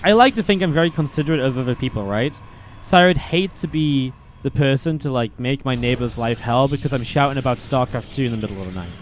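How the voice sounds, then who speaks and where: A man's voice: medium pitch, expressive, fast, few pauses, a little hiss or hum. A man streaming and casting a strategy game, chatting casually at a desk microphone. He rambles and swears freely, with lots of filler words. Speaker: StarCraft caster and streamer. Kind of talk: casual stream chat over game commentary.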